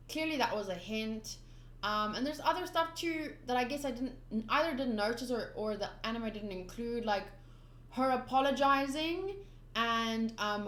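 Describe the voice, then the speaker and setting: High, chatty woman in an echoey room. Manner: chatty, thinking aloud, giggly. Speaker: manga reader. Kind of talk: casual manga readthrough.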